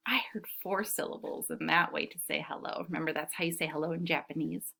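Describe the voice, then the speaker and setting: A woman's voice: low-pitched, fairly even intonation, fast talker, creaky, pushed and bright, slightly rough. A woman teaching preschool children, reading a picture book aloud and counting syllables with them in a patient, encouraging manner.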